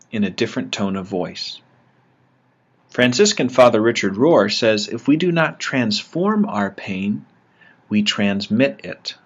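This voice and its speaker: A man, a religious brother, giving a scripted spiritual reflection in a measured, reflective and gently humorous way. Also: medium pitch. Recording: dull lo-fi recording.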